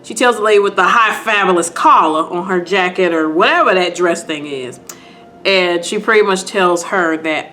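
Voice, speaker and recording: A woman vlogger chatting casually in a slangy, animated way as she recaps a show and talks straight to her viewers. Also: on the low side, moderate pace, a little hiss or hum.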